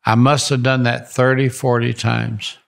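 An older man, a ministry founder, telling stories in an animated interview and repeating phrases for emphasis. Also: medium pitch, measured pace, vocal fry. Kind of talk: storytelling interview.

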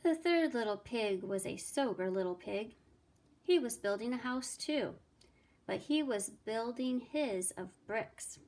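A woman reading a children's fairy tale aloud in a gentle, sing-song storytelling way. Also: a little high, expressive, a little slow.

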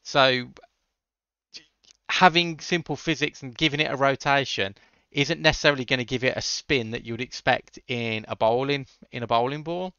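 Man, livestream host, bright crisp voice, dry room, slightly dull lo-fi sound. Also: medium pitch, moderate pace, no echo. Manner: answers chat questions with dry jokes. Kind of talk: casual coding livestream chat.

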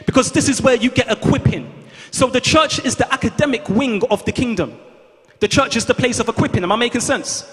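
A man preaching a fervent sermon in a church, calling on the congregation to repeat after him and rising to shouts. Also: very high-pitched, brisk. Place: church hall. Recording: long reverb of a large hall.

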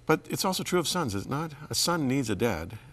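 A man hosting an interview, asking questions and sharing reflections in a measured way, sometimes dropping to a near whisper. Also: medium pitch, very animated. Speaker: interview host. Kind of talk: interview conversation.

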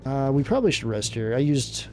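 A man giving casual, excitable let's-play commentary, blurting out exclamations as he plays. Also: medium pitch, brisk, faint music behind. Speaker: gameplay commentator.

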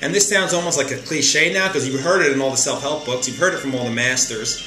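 Bright-voiced man in an echoey room. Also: medium pitch, fast, faint music behind. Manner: repetitive, emphatic, stumbling restarts. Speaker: spiritual talk host. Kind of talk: casual spiritual monologue. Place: room in a home, seated on a chair.

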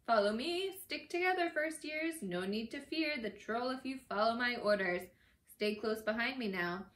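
A woman's voice: a little high, animated, normal speed, a bit bright. Woman doing a pompous teen prefect, bossy, raised lifted voice, echoey room. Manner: bossy, officious.

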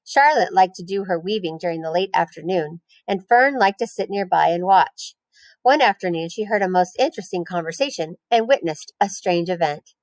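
A woman, a teacher, reading a children's novel aloud in a clear, expressive storytelling voice. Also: fairly low pitch, moderate pace, no room sound.

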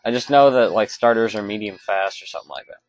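In a muffled recording, a man with a lowish voice talks fast over footage of his own gameplay. He's a let's play commentator whose offhand commentary rambles, and he frequently pauses to correct himself.

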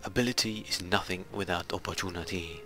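A man putting on a French accent to voice a shouting ship officer giving battle orders in a game. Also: fairly quick. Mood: barking orders. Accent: put-on French. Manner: shouted orders, high and drawn out.

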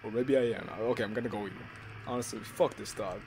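A man's voice: lowish voice, quick pace, slight background noise. A young man playing a horror game and commenting live, swearing a lot, yelping at scares and repeating himself. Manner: swearing, jumpy, yelps and screams at scares; loud, excitable, repeats himself. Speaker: gaming YouTuber.

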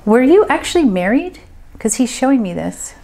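This medium is a woman with a high, mellow, sing-song voice and vocal fry; she leads a group reading, tentatively thinking aloud with frequent pauses and fillers.

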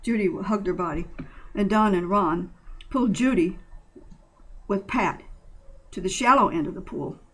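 A woman reading a short story aloud in a plain, steady way with occasional slips. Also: mid-range voice, unhurried, pauses often, breathy edge, poor audio. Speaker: narrator.

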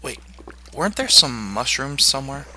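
A man's voice: mid-range voice, sing-song, normal speed, pushed and bright, a little hiss or hum. A man giving chatty video game commentary, joking and talking to the monsters in the game. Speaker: gamer.

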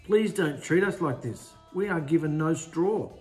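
A man's voice: fairly high pitch, lively intonation, measured pace, a little mellow, soft background music, voice pushed up. A man playing desperate pleading foremen. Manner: pleading, resentful.

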